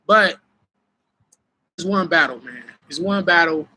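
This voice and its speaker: Young adult man, battle rapper on a live stream, bright edge, profane and animated. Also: on the high side, measured pace. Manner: animated, profane, laughing storytelling. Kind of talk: live stream casual talk.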